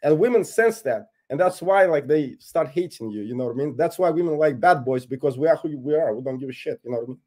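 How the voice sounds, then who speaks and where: A man's voice: on the high side, animated, fast talker, few pauses, mellow. A man guesting on a podcast, a YouTuber speaking bluntly and with strong opinions in casual chat.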